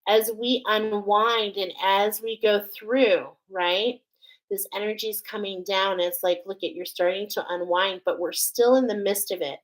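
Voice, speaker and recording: A woman's voice: mid-range voice, steady tone, measured pace, poor audio. Chatty woman from australia reading oracle cards, middle-aged, upbeat, talks straight to her viewers. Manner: chatty and enthusiastic, addressing viewers as friends. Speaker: tarot and oracle card reader. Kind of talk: casual spiritual card reading to camera.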